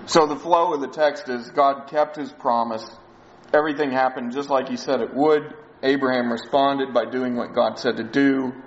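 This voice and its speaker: A man's voice: mid-range voice, creaky, lo-fi sound, slight background noise. A man preaching a sermon, explaining a Bible passage in a conversational way. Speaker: pastor.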